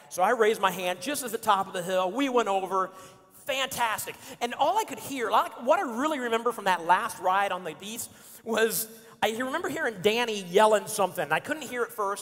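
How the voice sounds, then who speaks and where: A man in his forties giving a playful storytelling sermon as a pastor, acting out his friends' lines. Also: high voice. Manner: animated, playful, acts out friends' lines with shouts and laughs. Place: church auditorium. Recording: church hall reverb.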